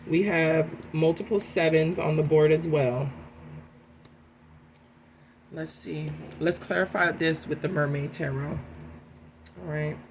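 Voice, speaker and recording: A woman giving a collective tarot reading, talking in an emphatic, animated way and often asking "right?". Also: low voice, slow, long pauses, a little hiss or hum. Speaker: tarot reader.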